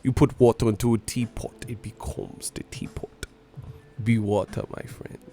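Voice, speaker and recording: A man voicing a calm male martial-arts master teaching philosophy, speaking in a hushed, slow, half-whispered way. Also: lowish voice, soft background music, voice pushed down, natural voice. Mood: calm, philosophical.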